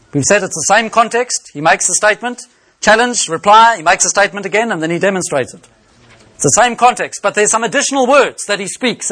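A man preaching a sermon, expounding a Bible passage and reading scripture aloud in a measured way. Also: sits high, a bit bright.

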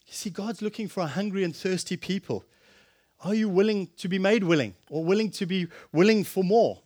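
A man preaching a sermon, impassioned, swinging from loud exclamations to hushed, earnest tones. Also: high voice, fairly quick.

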